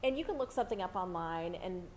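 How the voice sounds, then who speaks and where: A woman reporter, speaking in a lowish voice with careful, full enunciation. A faint hum of room ambience sits behind her. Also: animated, fast talker. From Los Angeles. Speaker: business news reporter. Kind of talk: interview answers.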